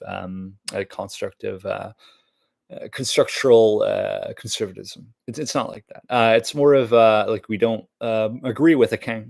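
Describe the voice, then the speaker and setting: Gravelly rambling man. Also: on the low side, dry recording. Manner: rambling, full of fillers and cursing. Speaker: vlogger reading the news. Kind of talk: rambling casual monologue.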